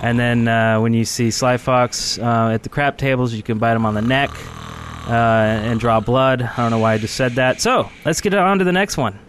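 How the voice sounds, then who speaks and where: A man co-hosting a podcast in casual chat, joking with lots of drawn-out fillers. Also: medium pitch, fairly bright tone, slight background noise. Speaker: podcast co-host.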